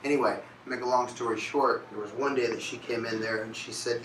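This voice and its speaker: A man's voice: medium pitch, fairly even intonation, fairly quick, hardly any pauses, a bit bright, slight background noise. A man, a singer, telling a candid and confessional story on a concert stage, recorded in an echoey venue from a distant mic.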